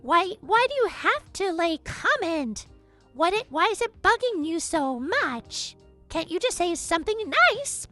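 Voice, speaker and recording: A woman's voice: very high voice, very animated, bright, forceful tone, soft background music, pitched above the performer's own voice, full character voice. A woman putting on the voice of a whiny, scolding female critic who fires off nagging questions. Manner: nagging, mocking, rapid-fire questions.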